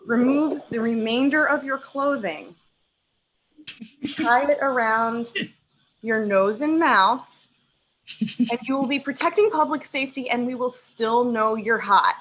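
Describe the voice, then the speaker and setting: A young woman performing a stand-up set on a video call, emphatic and profane, pausing like a preacher between lines. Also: fairly high pitch, a bit bright, low-quality recording. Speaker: stand-up comedian.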